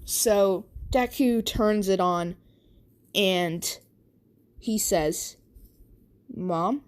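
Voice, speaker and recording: A woman's voice: mid-range voice, extremely slow, smooth. A woman casually narrating a fan story, rambling with many fillers and restarts.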